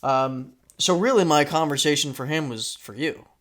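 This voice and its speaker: A man's voice: fairly high pitch, moderate pace, fairly bright tone. A man co-hosting a comedy podcast, telling a story in casual chat and teasingly reading out quoted lines. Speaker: podcast co-host. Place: podcast studio.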